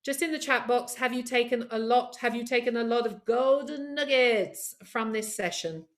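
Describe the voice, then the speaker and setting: A woman presenting a live online training session over a video call, lively and encouraging, talking straight to her attendees. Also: fairly high pitch, normal speed. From of Caribbean heritage. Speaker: workshop presenter.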